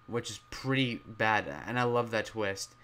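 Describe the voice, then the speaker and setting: Man, lowish voice, loud film review, rambling with fillers, straining voice. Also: fairly even intonation, unhurried. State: straining, losing his voice. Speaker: movie reviewer. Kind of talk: casual spoken film review.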